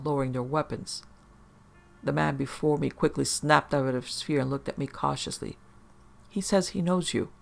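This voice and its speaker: A man narrating a first-person horror story in a steady, measured way. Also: fairly high pitch, gravelly.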